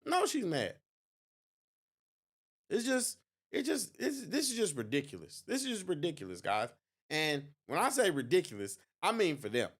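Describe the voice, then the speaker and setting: Animated, gloating man streaming. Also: a little high, normal speed, slightly rough. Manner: gloating, mocking, animated, laughs often. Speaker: livestream host. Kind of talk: election night livestream commentary.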